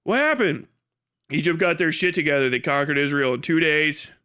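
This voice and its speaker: A man's voice: a little high, moderate pace, bright, forceful tone, smooth. A man hosting a livestream, ranting heatedly and profanely, mocking and breaking into laughs. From United States. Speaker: livestream host.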